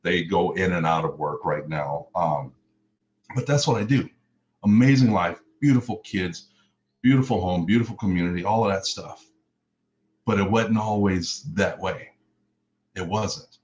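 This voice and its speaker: A very deep-voiced middle-aged man tells his life story in earnest, piling up repeated phrases for emphasis. The audio is dull and lo-fi, like a video call, with faint hiss underneath. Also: unhurried, pauses often, a little mellow. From Mississippi, US. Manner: earnest, repetitive lists with emphatic rises. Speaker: motivational speaker. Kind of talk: personal testimony talk.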